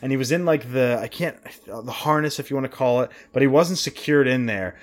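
A man's voice: mid-range voice, brisk. A man in casual chat, talking freely with lots of swearing while retelling scenes.

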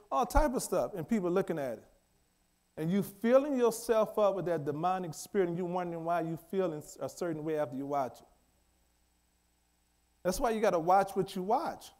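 A man preaching a sermon, emphatic and repetitive, swinging between loud declarations and quiet asides. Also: sits high.

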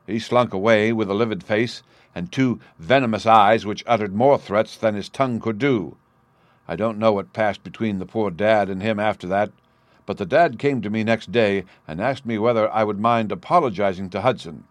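A man's voice: on the low side, moderate pace, no echo, close to an everyday voice. A man voicing a troubled young man who tells of his family's trouble earnestly.

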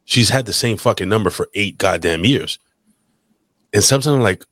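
A man's voice: fairly low pitch, animated, normal speed, fairly bright tone, no echo. A man co-hosting a talk show, chatting in a rambling, profane way. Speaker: podcast co-host. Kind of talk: casual chat.

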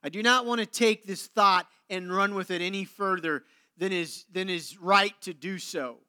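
A man preaching a sermon, moving between loud emphatic declarations and hushed, low passages with dramatic pauses. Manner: slow deliberate delivery with dramatic pauses. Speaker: pastor.

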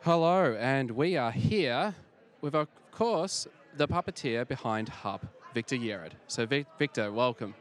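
A man's voice: mid-range voice, lively intonation. A male interviewer caught on the spot at an outdoor fan convention. He speaks casually in a mid-range voice, stumbling and restarting as he gathers his words. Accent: non-local accent. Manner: halting, many restarts and fillers.

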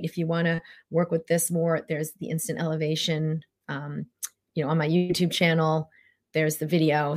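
A middle-aged woman, a spiritual coach, talking casually and animatedly, full of fillers and acted-out quotes. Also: lowish voice. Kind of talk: casual motivational talk.

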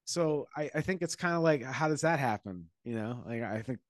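A man talks in a loose, rambling podcast chat, wry and quick to laugh, his voice often dropping away at the end of a thought. The sound is close and dry, with no room around it. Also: mid-range voice, expressive, no room sound.

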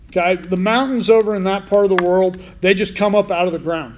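A man's voice: high-pitched, fast talker, hardly any pauses, a little mellow. A man preaching a casual Bible sermon, asking his listeners questions as he goes. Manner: informal, asks the listeners questions. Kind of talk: conversational sermon.

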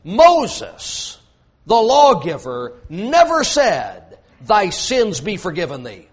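A man's voice: high-pitched, wildly swooping pitch, slow pace, breathy edge. A man preaching a sermon, emphatic and repetitive, with joking asides to his congregation.

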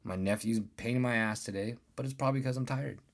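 A man's voice: medium pitch, fast talker, vocal fry. A man in his thirties hosting a podcast, ranting casually and rambling with lots of swearing and restarts. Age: 30s. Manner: profane, rambling, restarts often. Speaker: podcast host. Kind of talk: casual solo podcast rant.

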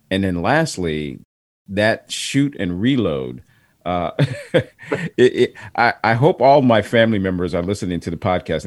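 A man's voice: sits low, dry recording, studio quality. A man hosting a podcast, chatting and asking long set-up questions. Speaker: podcast host. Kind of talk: podcast interview.

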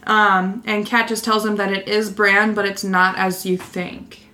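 A woman's voice: medium pitch, flat delivery, measured pace, sharp tone. A young woman co-hosting a podcast, retelling a book chapter in casual chat, laughing often and stumbling over words.

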